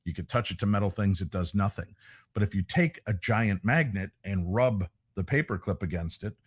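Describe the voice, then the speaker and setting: Middle-aged man, low voice, dry close sound, animated storyteller, interview guest. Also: moderate pace, breathy edge, dry recording. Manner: animated storyteller who acts out quoted voices. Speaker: paranormal investigator guest.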